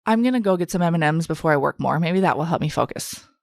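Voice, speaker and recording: Inner voice of a stressed dieter, put on by a woman podcast host, self-critical, frets aloud, lively pitch, dry sound. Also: fast, creaky, no room sound. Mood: self-arguing. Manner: frets and argues with herself.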